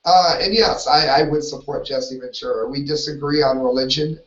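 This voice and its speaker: A man's voice: medium pitch, normal speed, fairly bright tone. Opinionated male host, solo live show, dull distant lo-fi sound. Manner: rambling, opinionated, self-interrupting. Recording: roomy, distant, dull lo-fi audio.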